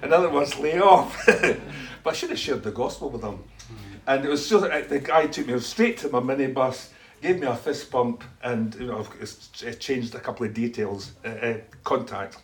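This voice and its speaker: A man's voice: mid-range voice, moderate pace. A man telling a church testimony as a story, acting out both sides of conversations and laughing often. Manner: animated, acts out dialogue, laughs often.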